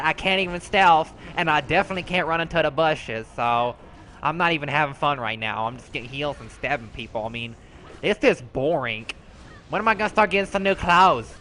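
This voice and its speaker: A man's voice: a little high, pushed and bright, a little hiss or hum. A man voicing a sassy, foul-mouthed rogue character, telling a brash, slangy, profane story as comedic commentary.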